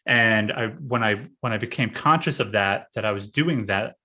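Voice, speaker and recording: A man talking casually on a podcast, halting with many fillers and restarts. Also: on the low side, pushed and bright. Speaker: podcast host, guest this episode. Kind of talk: casual conversation.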